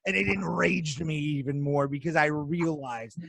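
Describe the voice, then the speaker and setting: A man's voice: on the high side, moderate pace, vocal fry, a bit bright, no room sound. A man co-hosting a podcast, delivering an angry, profanity-heavy rant over a video call. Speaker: podcast co-host. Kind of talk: casual podcast chat.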